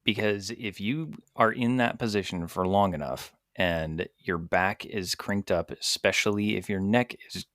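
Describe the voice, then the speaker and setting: A man's voice: lowish voice, measured pace, few pauses, a bit bright, no room sound, studio quality. A man co-hosting a podcast, chatting casually and giving earnest, practical advice. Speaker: podcast co-host. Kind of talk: casual chat.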